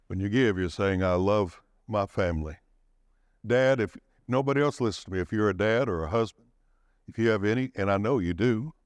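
A man preaching a sermon, swinging his pitch and pace for dramatic emphasis and calling out for the congregation's response. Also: dry recording. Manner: calls for audience response.

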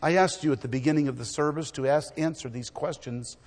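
A middle-aged man preaching a sermon in a church, swinging from loud exhortation to quiet storytelling. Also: on the high side, fairly quick, big-room sound.

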